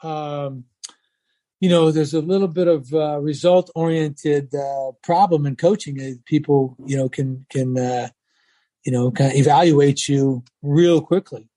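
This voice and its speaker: A man's voice: fairly high pitch, unhurried, dry recording. An older man, a retired baseball coach, telling stories in an interview and acting out the people he quotes. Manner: animated storyteller who acts out quoted voices. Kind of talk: storytelling interview talk.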